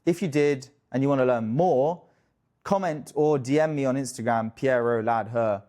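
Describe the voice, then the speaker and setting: A young man talking straight to camera as a dating coach, casual and jokey, swearing freely and tossing in quick asides. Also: mid-range voice, mellow. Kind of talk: direct-to-camera coaching talk.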